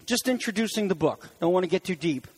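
A man preaching a sermon in an animated way, rising to shouts on key words and making quick asides to his congregation. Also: high voice, breathy edge. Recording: long hall reverb.

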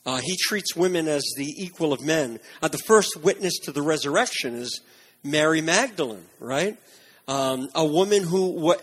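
A man preaching a sermon, earnest and emphatic, dropping into softer reflective passages. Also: high voice, breathy edge. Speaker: pastor.

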